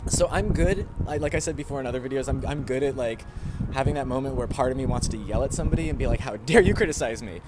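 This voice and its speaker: A man's voice: mid-range voice, fast talker, a loud crowd. A young man talking casually to camera, musing about himself in a rambling way and laughing at his own habits. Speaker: vlogger. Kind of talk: casual reflective monologue.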